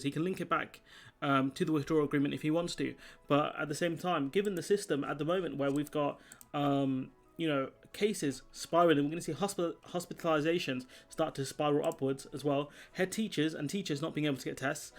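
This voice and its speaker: Brief: man, quick rambling political vlogger, frustrated, faint music behind. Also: on the high side. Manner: fast, frustrated, full of fillers and restarts. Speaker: political commentator.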